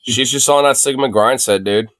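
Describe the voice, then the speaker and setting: A man's voice: mid-range voice, normal speed, fairly bright tone. Crude laughing man reacting to clips. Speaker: streamer reacting to video. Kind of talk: casual reaction commentary.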